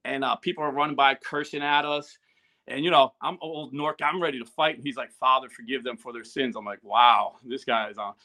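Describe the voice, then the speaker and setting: A man's voice: medium pitch, steady tone, a little fast, bright, forceful tone. A man tells stories in a casual interview and acts out the quoted dialogue. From New Jersey. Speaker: guest, YouTuber. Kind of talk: casual storytelling.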